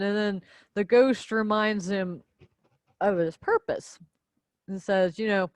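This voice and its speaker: A woman's voice: medium pitch, slow pace, pauses often, no echo. A young woman casually and playfully summarizing a play for a class video. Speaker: student presenter.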